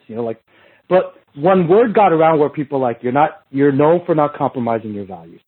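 A man with a husky, fairly quick, animated voice that sits on the high side is guesting on a podcast. The fitness industry coach swaps between both voices in old conversations while telling loose, foul-mouthed stories. The recording has a tinny, phone-line quality.

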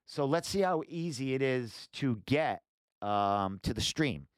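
Male podcast host, casual and rambling, swears a lot, smooth, clear voice, close dry mic. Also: medium pitch, lively intonation, unhurried, no room sound. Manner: rambling, swears often, thinks aloud with many fillers. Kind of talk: casual livestream screen walkthrough.

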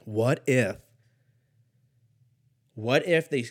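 A man in his thirties hosts a solo comedy ramble while a little stoned. He swears freely, loses his thread, and drifts from one hypothetical to the next in a mid-pitched voice. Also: extremely slow. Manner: profane, meandering, laughs at own jokes. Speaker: podcast host.

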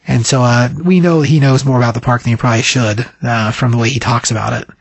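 A man's voice: mid-range voice, fairly even intonation, quick pace, vocal fry, few pauses, no echo. A man casually recapping a comic book scene by scene, rambling with many fillers.

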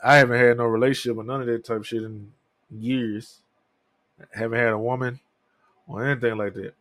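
A man's voice: medium pitch, little pitch movement, brisk, fairly bright tone, no echo. A man in his thirties hosting a podcast, talking alone in a candid, profane, rambling way. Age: 30s. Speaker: podcast host. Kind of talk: casual solo talk.

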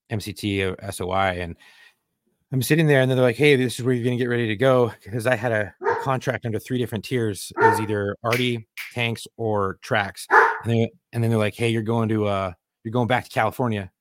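A man's voice: on the low side, steady tone, fairly quick, a bit bright. A man co-hosting a podcast, chatting bluntly and profanely about his own service. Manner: blunt, profane, laughs along. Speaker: podcast co-host, veteran. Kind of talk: casual chat. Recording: noticeable background noise.

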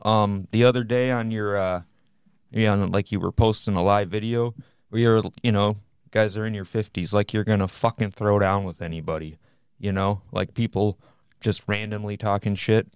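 A man's voice: fairly low pitch, steady tone, normal speed, clear, resonant tone, dry recording, studio quality. A man hosting a podcast who talks in a loose, casual and profane way. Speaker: podcast host.

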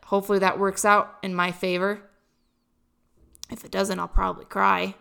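A woman's voice: mid-range voice, flat delivery, normal speed, creaky, fairly bright tone, clean tone. A young woman in college chatting casually to camera, rambling and joking at her own expense with many fillers. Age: young adult. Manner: rambling, self-deprecating, lots of fillers. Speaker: college student vlogger. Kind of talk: casual chat.

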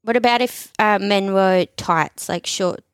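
A woman's voice: mid-range voice, unhurried, clean tone, no room sound. A young woman co-hosting a podcast, teasing and joking in casual chat. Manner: teasing, playful. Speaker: podcast co-host.

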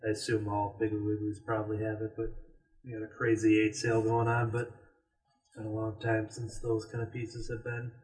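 A man's voice: lowish voice, completely flat delivery, moderate pace, a little mellow. A man co-hosting a casual podcast from a store, rambling with lots of fillers. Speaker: podcast co-host. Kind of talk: casual chat. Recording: distant from the mic.

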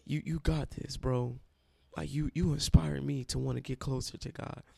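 A man voicing a hyped-up young male friend loudly cheering him on. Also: mid-range voice, fairly even intonation, normal speed, creaky, husky, no echo, pitched above the performer's own voice. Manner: loud, over-the-top encouragement.

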